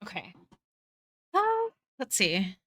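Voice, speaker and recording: Bright-voiced woman streamer chatting. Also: lowish voice, expressive, takes it slowly, slightly rough, no echo, clean studio sound. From Canada. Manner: chatty, muttering asides while drawing, talking to chat. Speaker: art streamer. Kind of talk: casual livestream chat.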